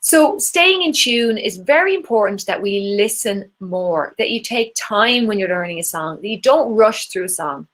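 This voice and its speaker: Irish woman, singing teacher, encouraging workshop leader, demonstrates vocal warm-ups. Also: mid-range voice, lively intonation, normal speed, few pauses. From Ireland. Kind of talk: live online singing workshop.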